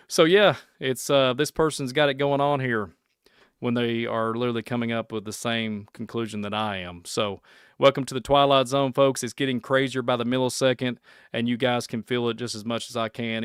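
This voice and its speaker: A man's voice: medium pitch, smooth, no echo, clean studio sound. A man with a Kentucky accent hosting a podcast, reading posts and news aloud in a folksy, rambling way, repeating lines and slipping into preachy asides. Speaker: podcast host.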